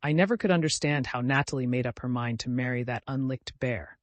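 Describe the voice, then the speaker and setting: A man reading an audiobook, voicing a cold, brusque aristocratic prince who speaks in a monotonous tone. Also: medium pitch, a little fast, dry recording, natural voice. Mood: scornful.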